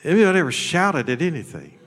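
Preaching pastor in a reverberant hall. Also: male voice, big pitch swings, quick pace. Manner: preaching, swings from shouting highs to low intimate talk; repeats words, folksy and blunt. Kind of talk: sermon. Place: church sanctuary.

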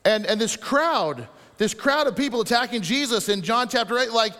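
A man gives a sermon from the pulpit, his voice pitched high for a man. He preaches with animated rises and sudden soft drops, slowing right down for scripture. The sound carries the long reverb of a large sanctuary. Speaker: pastor.

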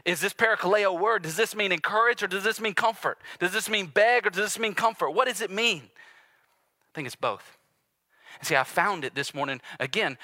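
A male pastor preaching a sermon earnestly and confessionally, swinging between loud urgency and hushed intimacy. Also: high-pitched, no echo, clean studio sound. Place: church sanctuary with live and online audience.

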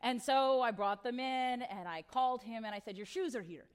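A woman's voice: on the high side, moderate pace, smooth. A middle-aged woman pastor giving a sermon as a conversational story, full of asides and tag questions.

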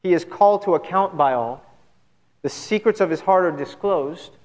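A man's voice: high-pitched, normal speed, darkish tone. A man pastor giving an earnest, conversational sermon full of rhetorical questions to his church. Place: church sanctuary. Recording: long church hall reverb.

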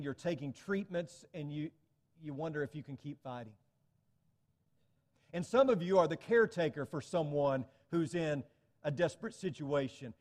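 Pastor guy giving a sermon, kinda high voice, earnest storyteller, big echoey church sound. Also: darkish tone.

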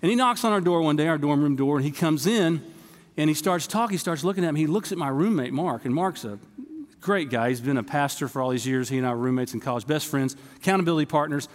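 A man's voice: a little high, fast talker. A man in his fifties preaching a sermon to his congregation, telling a story in a conversational way and speaking to them directly. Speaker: pastor. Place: church sanctuary. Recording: long reverb of a church hall.

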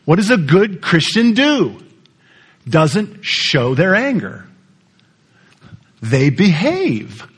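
Man, pastor, sermon, husky voice, animated pitch, chatty storytelling, asks the congregation questions. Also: drawn-out words, pauses often.

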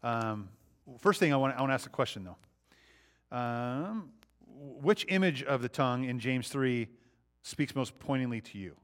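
A man in his thirties teaches a Bible study in a relaxed, conversational way and keeps turning questions back to his listeners. His voice sits at an ordinary middle pitch. He sounds like a father talking things over with a small group. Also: measured pace.

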